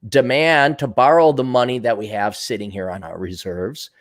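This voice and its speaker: A man's voice: mid-range voice, fairly even intonation, normal speed. A man hosting his own show, talking bluntly and profanely in a casual monologue and acting out the voices of people he quotes. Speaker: podcast host answering viewer comments.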